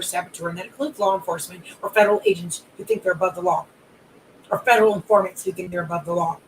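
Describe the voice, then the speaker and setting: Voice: medium pitch, slight background noise, rough recording. A life and wellness coach hosting a live audio room, speaking with controlled anger and stringing long repetitive lists of grievances. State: calmly enraged.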